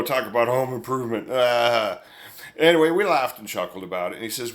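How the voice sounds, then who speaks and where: A man's voice: medium pitch, a little fast. A man telling a family story in a casual, folksy, rambling way, chuckling along as he goes. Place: indoors, room with an amplifier.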